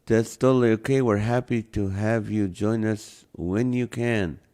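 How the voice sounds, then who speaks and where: A man's voice: on the low side, steady tone, measured pace, warm tone. A man with an accent hosting a live stream, reading out a comedy list and chatting with viewers, laughing often. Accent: non-native English accent. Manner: jokey, laughs often, greets viewers by name. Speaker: live show host.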